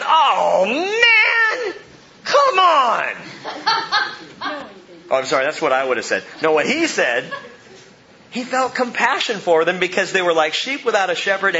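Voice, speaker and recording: A man preaching a sermon as pastor, animated and joking, acting out the people in the story. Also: fairly high pitch, dull audio, slight background noise.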